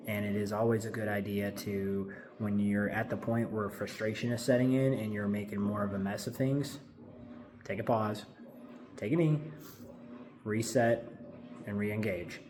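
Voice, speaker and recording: Low-voiced man rambling in his garage. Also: fairly even intonation, moderate pace, noisy background. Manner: rambling, self-talking, filler-heavy. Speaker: car builder. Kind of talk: casual garage build vlog. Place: home garage.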